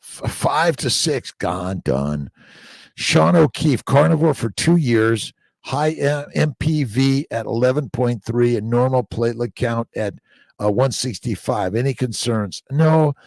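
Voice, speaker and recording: A middle-aged man hosting a casual live-stream chat, reading viewer comments aloud in an upbeat, exclamatory way that swings between loud bursts and low murmurs. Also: animated, a little slow, gravelly, no room sound, clean studio sound.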